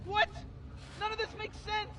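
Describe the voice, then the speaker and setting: A man's voice: very high voice, completely flat delivery, unhurried. A man voicing Morty, an anxious teenage boy sidekick who stammers constantly, as a fan impression over gameplay. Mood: outraged. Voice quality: nervous stammer. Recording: loud music underneath.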